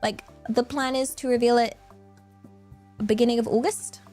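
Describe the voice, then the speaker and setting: A woman's voice: on the high side, steady tone, moderate pace, warm tone, soft background music. A woman, chatting casually on a stream in a bubbly, rambling way with lots of fillers and giggles. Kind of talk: casual chat.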